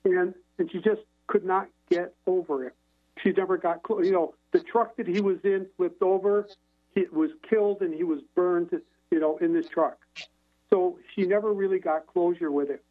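A man's voice: high-pitched, steady tone, moderate pace. A man, a hypnotherapist guest, telling stories over a phone line in a rambling way, with many restarts and fillers. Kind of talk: casual storytelling on a radio call-in.

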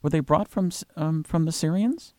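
A man's voice: fairly high pitch, normal speed, a little mellow, no room sound. A man hosting a radio interview, encouraging his guest with brief affirmations and stammering restarts. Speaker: radio host.

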